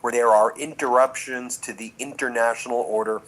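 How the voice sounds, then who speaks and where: A man hosting casual news commentary, animated and chatty, talking straight to his viewers. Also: mid-range voice, moderate pace, poor audio. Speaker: commentary channel host.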